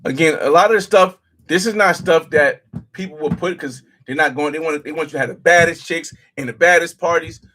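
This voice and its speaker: A man's voice: a little high, a little fast, a bit bright. A man chatting casually to his livestream as he edits a video, often muttering to himself and trailing off. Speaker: travel vlogger editing live. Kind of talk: casual livestream chat while editing.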